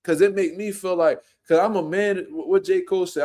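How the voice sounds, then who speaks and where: On a casual podcast, a young boxing man tells energetic stories laced with profanity and street slang, in a high-pitched voice at a brisk clip.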